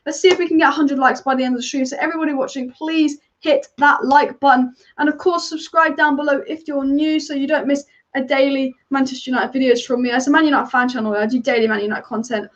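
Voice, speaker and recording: Reacting to a match and reading viewer comments, a female football fan channel host runs a live watch-along stream, chatty, opinionated and rapid-fire. Her voice is high with a steady tone, and the audio is dull.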